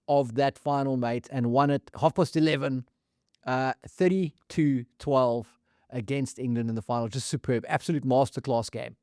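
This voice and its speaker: A man's voice: fairly high pitch, darkish tone, no room sound, clean studio sound. A man co-hosting a rugby podcast in casual, matey banter, often saying "mate". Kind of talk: casual sports chat.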